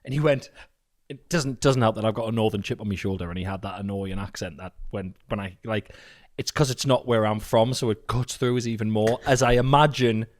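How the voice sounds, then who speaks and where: A man with a Geordie accent, co-hosting a podcast, telling sweary, animated comic stories in casual chat. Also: on the low side, a little fast. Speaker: podcast co-host.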